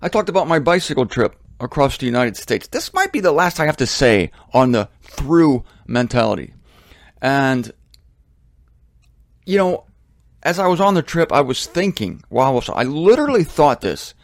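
A man hosting a religious talk series, speaking in a rambling, animated, self-deprecating monologue from his home studio into a microphone. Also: medium pitch, moderate pace, no echo. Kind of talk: casual monologue.

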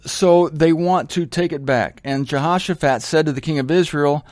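A man's voice: a little high, moderate pace, darkish tone, dry recording, clean studio sound. A man teaching from the Bible in a casual, conversational way, with joking asides. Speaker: preacher.

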